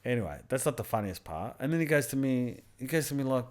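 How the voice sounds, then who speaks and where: Crude bloke telling a story. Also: male voice, medium pitch, fast talker. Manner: crude slang, animated retelling of a story. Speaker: podcast co-host. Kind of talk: casual storytelling chat. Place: backyard.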